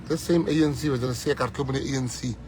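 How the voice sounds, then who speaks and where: A South African man, a political leader, giving a fiery rally speech, breaking into loud shouts at the peaks. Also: mid-range voice, steady tone, very fast, noisy background. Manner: fiery, switching between English and Afrikaans, shouting at peaks.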